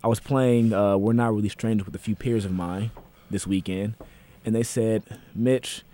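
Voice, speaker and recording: A man's voice: lowish voice, fairly even intonation, moderate pace, dark tone. A man hosting a casual podcast, speaking earnestly and repeating himself as he gathers his thoughts. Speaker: podcast host.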